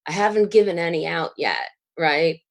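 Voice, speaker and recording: A middle-aged woman, a guest telling a story in an interview, rambling with fillers and restarts and laughing as she gets excited. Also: lowish voice, moderate pace, gravelly. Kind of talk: casual storytelling.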